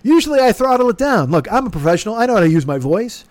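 A man in his fifties hosting his own podcast at home, voice hoarse from yelling, rambling with profane, self-mocking comic patter. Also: high voice, very animated, quick pace, hardly any pauses. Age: 50s. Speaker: podcast host. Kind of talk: casual solo podcast monologue. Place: home room with air conditioner.

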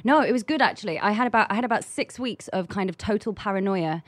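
A young English woman talks as a guest in a relaxed interview. She is chatty and laughs easily, and her speech is full of little "kind of" fillers. The sound is close and dry. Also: medium pitch, fast talker, no echo. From England. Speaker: guest actress. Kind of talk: casual interview chat.

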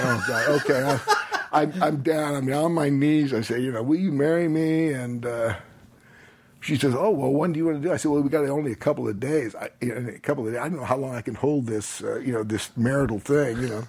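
A man's voice: medium pitch, fairly quick, a little hiss or hum. A middle-aged or older man, a podcast guest, telling a rambling, laid-back story with chuckles and casual swearing.

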